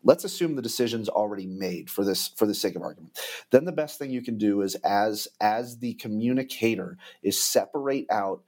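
A man's voice: fairly low pitch, animated, brisk, darkish tone. A man talking casually as a podcast guest, earnestly explaining and giving practical advice on church communications.

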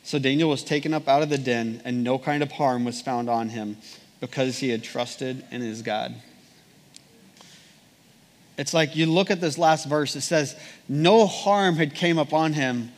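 A man preaching a sermon and reading scripture aloud, in an earnest, measured way with repeated phrases. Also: mid-range voice. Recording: long hall reverb.

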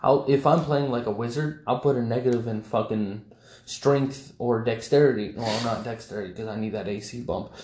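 A man's voice: mid-range voice, moderate pace, a little mellow, a little hiss or hum. A man in casual banter about tabletop games, enthusiastic and blunt, swearing casually. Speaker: tabletop gaming podcast co-host. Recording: echoey room.

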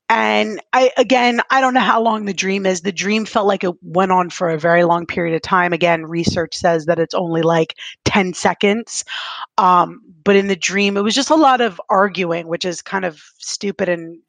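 Gravelly-voiced woman telling stories candidly. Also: medium pitch, moderate pace, a bit bright, no room sound. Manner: candid, rambling storytelling with laughter; emotional, close to tears when recounting. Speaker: podcast co-host. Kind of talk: casual chat.

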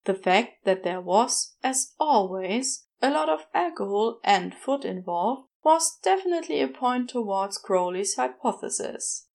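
A woman reading a fan story aloud as podfic, in a measured, gentle way. Her voice sits a little high, and she takes her time, with an unhurried, slow pace. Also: animated, vocal fry. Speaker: podfic reader. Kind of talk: story narration.

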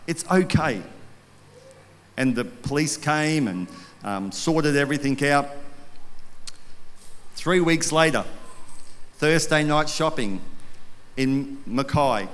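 A middle-aged pastor preaching with a slightly high voice, telling a story and bursting into acted voices. His voice rings out with a long reverb from a large hall. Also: slow, long pauses. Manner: storytelling, animated, acts out quoted voices. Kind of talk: sermon.

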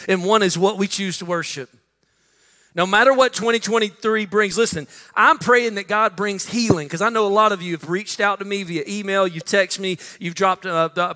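A middle-aged pastor preaching in a high, bright voice. He talks conversationally, keeps saying "listen" and acts out little quotes. His voice rings through a large church with a long reverb. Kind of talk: sermon. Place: church sanctuary.

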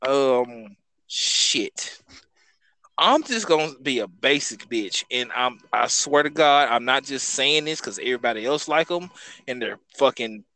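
A man's voice: medium pitch, pushed and bright, no echo, rough recording. A man co-hosting a podcast, chatting casually about cars, swearing a lot and hesitating while he thinks. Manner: profane, hesitant, thinks aloud with many ums. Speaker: podcast co-host. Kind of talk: casual car banter.

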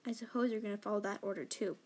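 A quick, sarcastic young girl who teases and dares, as a woman reading a storybook puts her on. Her tone is breathy and lightly husky. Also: mid-range voice, steady tone, natural voice. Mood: teasing. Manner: teasing, sharp, whispering when scared.

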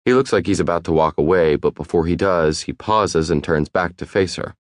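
A man narrating a first-person audiobook in a wry, even storytelling manner. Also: low-pitched, fairly quick, no room sound.

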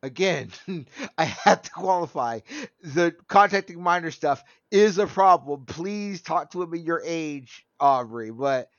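A man's voice: fairly high pitch, animated, measured pace, fairly bright tone, no echo, muffled recording. A man in his thirties in casual chat, rambling and laughing often. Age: 30s.

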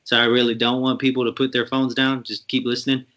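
A man's voice: medium pitch, little pitch movement, quick pace, fairly bright tone, dull audio. A man co-hosting a casual podcast, joking around and swearing freely. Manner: profane, joking banter. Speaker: podcast co-host.

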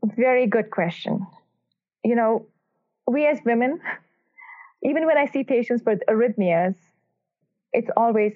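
A woman's voice: a little high, normal speed, pauses often. A woman cardiologist answering podcast interview questions in an earnest, emphatic way, telling stories about her patients. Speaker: cardiac electrophysiologist guest. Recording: tinny phone-line sound.

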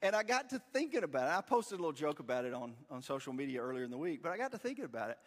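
A man in his forties preaching a sermon, telling a self-deprecating story in a lively, storytelling manner. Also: on the high side, racing, long reverb tail. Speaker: pastor. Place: church sanctuary.

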